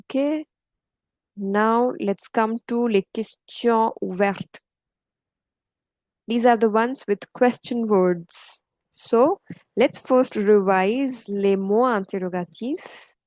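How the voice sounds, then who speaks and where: A woman gives an online French grammar lesson, patient and step by step, frequently checking in with "okay." She speaks slowly in a slightly high, slightly mellow voice, recorded roughly with no echo.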